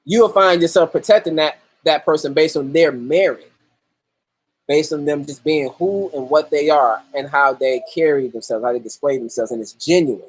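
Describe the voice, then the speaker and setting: A man's voice: on the high side, moderate pace. A man hosting a livestream in casual, profane chat, greeting viewers by name as they join. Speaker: livestream host.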